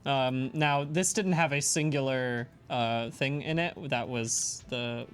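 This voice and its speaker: A woman co-hosting a game stream, chatting in a relaxed, hesitant way with many fillers. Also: extremely low pitch, slow pace, soft background music. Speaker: co-host. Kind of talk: casual gameplay chat.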